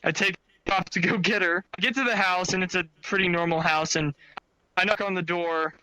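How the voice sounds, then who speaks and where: A man telling a casual story about his bail bond work in an animated way, swearing freely. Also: high-pitched, fairly quick, poor audio. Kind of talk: casual anecdote.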